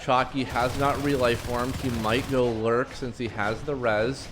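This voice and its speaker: Man, from florida, live esports play-by-play, mid pitch, strained allergy-worn throat, lots of fillers and corrections, faint gunfire underneath. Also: level tone, noisy background. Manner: rapid play-by-play with frequent fillers and self-corrections. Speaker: esports commentator. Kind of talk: live play-by-play game commentary.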